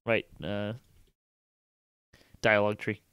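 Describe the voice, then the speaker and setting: A man's voice: on the low side, monotone, slow, a bit bright, smooth, no echo. A man chatting casually and making dry, wry remarks while playing an online game with friends. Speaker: podcast co-host and player. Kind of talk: casual gameplay chat.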